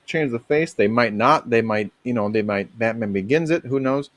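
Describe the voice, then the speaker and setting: An easygoing man chatting with friends about collectible figures, often pausing with fillers. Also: medium pitch. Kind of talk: casual group chat about collectibles.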